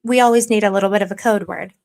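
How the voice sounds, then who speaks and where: Very fast and a bit mellow, her medium-pitched voice carries vocal fry and fairly even intonation. The young woman runs a laid-back stream, reading comments aloud, joking at her own expense, and teasing viewers with mock stern warnings.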